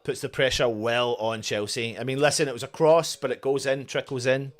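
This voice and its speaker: A man with a medium-pitched voice calls a football match live for a fan watchalong at a brisk clip, his intonation fairly even. He roots for his side as the play happens, shouting, chanting, and celebrating when goals go in.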